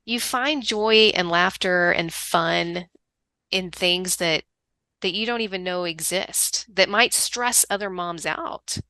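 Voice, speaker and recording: A middle-aged woman, a podcast guest telling family stories in an animated way, taking on other people's voices as she quotes them. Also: lowish voice, slow, no room sound. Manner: animated storyteller, lively quoting of others. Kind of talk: conversational podcast interview.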